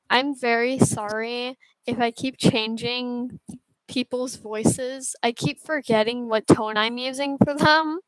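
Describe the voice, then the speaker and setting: Giggly young woman chatting slowly. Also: a little high, fairly even intonation, no echo, rough recording. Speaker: streamer playing a story game. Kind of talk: casual game commentary, reading aloud.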